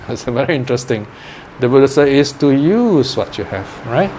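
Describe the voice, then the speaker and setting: A man's voice: mid-range voice, big pitch swings, normal speed, darkish tone, a little hiss or hum. A man giving a Buddhist Dharma talk in a conversational teaching manner, often checking in with "okay?" and "right?".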